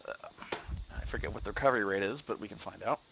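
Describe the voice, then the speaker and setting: A man's voice: lowish voice, fast talker, gravelly, fairly bright tone, slight background noise. A man narrating a tabletop game as game master, loose and full of fillers.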